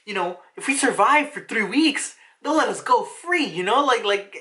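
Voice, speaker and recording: A man's voice: sits high, expressive, moderate pace, sharp tone, voice pushed up. A man reading the lines of a naive, stubborn old man from a comic, with a stammer.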